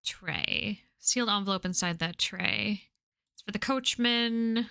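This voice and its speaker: A woman's voice: mid-range voice, unhurried, vocal fry, sharp tone, clean tone, no room sound, studio quality. A woman streaming a game, curious and chatty, muttering to herself and laughing as she explores. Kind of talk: let's play commentary.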